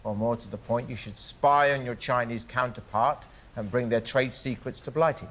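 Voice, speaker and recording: An actor playing a brisk, joking maths team leader. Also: male voice, mid-range voice, fairly bright tone, slight background noise, close to an everyday voice. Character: jokey British maths camp team leader, man.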